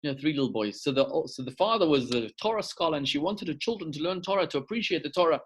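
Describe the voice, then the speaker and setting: A man's voice: a little high, animated, quick pace, fairly bright tone, husky. Man preaching a sermon on a video call. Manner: storytelling, repeats words for emphasis. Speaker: rabbi.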